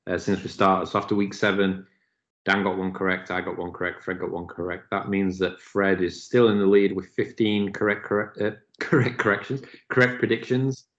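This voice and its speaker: A man hosting a casual sports podcast, speaking in a halting way with fillers. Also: deep voice, flat delivery, a bit bright. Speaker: podcast host. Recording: dull lo-fi audio.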